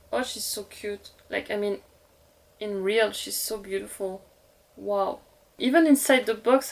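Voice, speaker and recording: A young woman with a French accent, chatting casually and gushing as she unboxes dolls for her viewers. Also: on the high side. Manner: gushing, giggly, talks to viewers. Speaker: doll collector vlogger.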